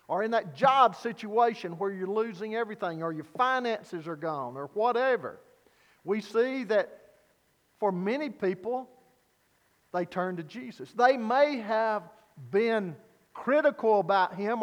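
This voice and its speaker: Slow, high-voiced preacher in a reverberant hall. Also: male voice, a bit bright, muffled recording. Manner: earnest, deliberate preaching with rhetorical questions. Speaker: pastor. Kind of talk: sermon.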